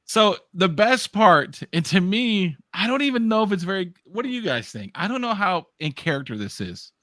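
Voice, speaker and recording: Animated, bright-voiced man chatting. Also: high voice, normal speed, no room sound, clean studio sound. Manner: animated, laughing, acts out characters' lines. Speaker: podcast co-host. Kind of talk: casual review chat.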